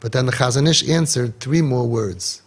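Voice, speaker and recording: A man giving an impassioned inspirational talk, animated, acting out bits of dialogue and repeating his key points. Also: medium pitch, normal speed, husky. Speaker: inspirational speaker.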